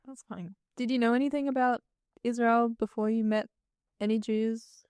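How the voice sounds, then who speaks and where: A woman hosting a casual interview, asking curious questions with quick laughs. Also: on the high side, fairly even intonation, darkish tone, smooth, no room sound. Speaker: host.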